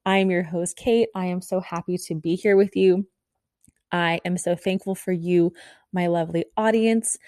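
A woman in her thirties hosting a casual solo podcast, talking fast and bubbly, rambling with lots of "like" and little laughs. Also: on the low side, steady tone, darkish tone, dry recording, clean studio sound. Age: 30s. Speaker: podcast host.

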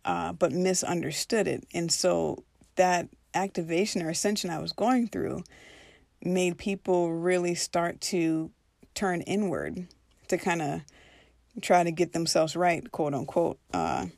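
A woman's voice: on the low side, a little slow, creaky, a little mellow, dry recording, clean studio sound. A woman telling a personal spiritual story in an earnest, reflective way, now and then acting out her own past reactions.

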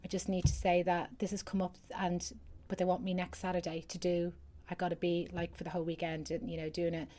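A woman's voice: fairly low pitch, completely flat delivery, fairly quick, warm tone. A middle-aged Irish woman, a singer guest, telling rambling stories in casual chat with lots of restarts. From Ireland. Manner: chatty, rambling storyteller with many restarts.

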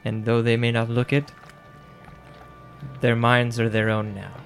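A grave, kindly man speaks in a deliberate, unhurried way, choosing formal words to comfort a terrified stranger, as a man puts him on during a tabletop game. His voice sits at a middling male pitch, steady and gentle. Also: creaky, faint music behind. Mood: reassuring. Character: solemn, gentle male companion soothing a frightened man. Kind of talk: in-character tabletop role-play.

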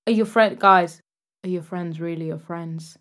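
A young woman co-hosting a casual podcast, excitable with sarcastic asides. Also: lowish voice, normal speed. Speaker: podcast co-host. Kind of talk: casual chat.

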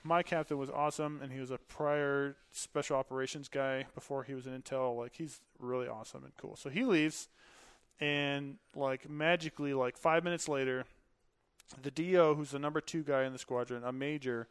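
A man's voice: medium pitch, fairly even intonation, moderate pace, smooth, no room sound. A man in his thirties, a podcast guest, telling stories casually, laughing often and acting out the dialogue. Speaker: podcast guest, Air Force veteran. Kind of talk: casual storytelling.

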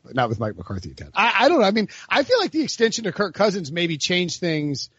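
A man's voice: sits high, wildly swooping pitch, quick pace, fairly bright tone, slightly rough, no room sound, highs cut off. A man hosting a casual sports talk show, rambling with many fillers and restarts. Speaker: host.

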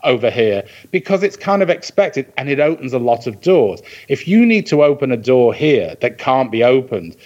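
A man's voice: mid-range voice, big pitch swings, moderate pace, few pauses, a little mellow, highs cut off. A man from the Manchester area with a northern English accent, a podcast guest chatting in a theatrical way. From England (Manchester area). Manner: theatrical, mimics accents when quoting. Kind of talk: casual interview chat.

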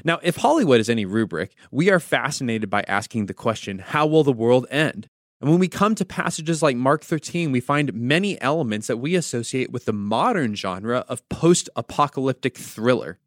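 Guy, pastor doing a devotional podcast, chatty storyteller w/ dry jokes, medium pitch, no room echo. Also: expressive, moderate pace. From United States. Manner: conversational storytelling with wry asides.

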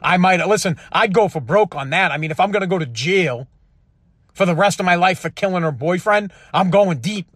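A man's voice: high voice, brisk, a bit bright, dry recording. A man in his thirties from the United States, delivering a heated, profane, emphatic monologue with frequent restarts. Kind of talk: impassioned monologue.

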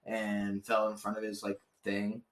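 A man's voice: lowish voice, completely flat delivery, a little slow. Rambling, swearing male podcast host. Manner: rambling, many fillers, swears. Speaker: podcast host reading historical dates. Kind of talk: casual chat.

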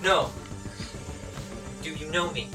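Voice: medium pitch, fairly even intonation, slow, music in the background, lightly acted. A player voicing an older man who probes a stranger with hesitant, searching questions during a tabletop game.

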